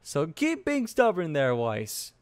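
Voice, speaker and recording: A man's voice: a little high, wildly swooping pitch, slow, clean tone, dry recording, pitched above the performer's own voice, exaggerated voice. A cheery, teasing teenage girl from a fan story, as a man narrator puts her on. Her voice sits raised and bouncy, with a playful lilt. The sound is close and dry.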